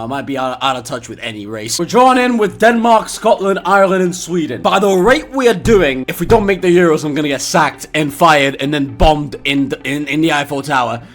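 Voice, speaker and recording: A young man commentating on a football game, excitable and profane, with stuttered restarts and shouted outbursts. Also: mid-range voice. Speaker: gaming streamer.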